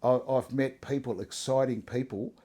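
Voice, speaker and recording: A man's voice: mid-range voice, fairly even intonation, moderate pace, dark tone. A middle-aged man, speaking earnestly in a casual interview about his faith, often restarting and saying "you know". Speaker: interviewee sharing his testimony.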